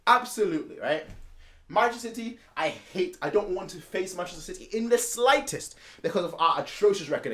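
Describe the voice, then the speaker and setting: A man hosting a football fan channel, giving a casual match preview in an emphatic, slangy, repetitive way. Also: sits high.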